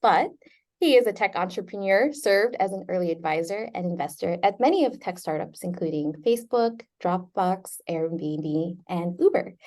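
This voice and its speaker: A woman's voice: medium pitch, a little mellow. A woman hosting a live stream, upbeat and welcoming as she introduces a guest over a video call. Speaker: host.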